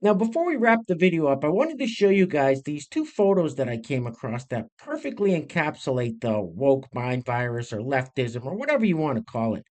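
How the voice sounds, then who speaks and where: A man's voice: a little high, darkish tone. A man hosting an online commentary show, introducing clips with sarcastic, mocking asides. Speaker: commentary channel host. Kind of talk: scripted commentary on video clips.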